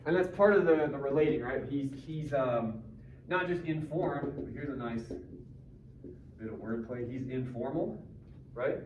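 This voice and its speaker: Unhurried and a little mellow, this male high school English teacher's mid-range voice guides a casual, joking class discussion where he quizzes his students. It's recorded far off in a roomy classroom, with a dull sound and faint noise.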